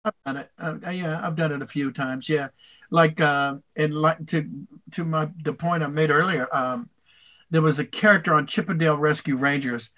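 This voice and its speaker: Bright-voiced older man telling stories. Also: a little high, moderate pace. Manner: rambling, animated, slips into voices. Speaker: voice actor guest. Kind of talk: interview answers.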